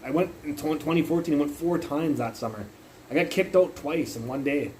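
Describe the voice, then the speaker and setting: A man's voice: mid-range voice, brisk, darkish tone, slight background noise, low-quality recording. A young man livestreaming from his phone, telling a long rambling story full of curses, fillers and restarts. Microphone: phone mic.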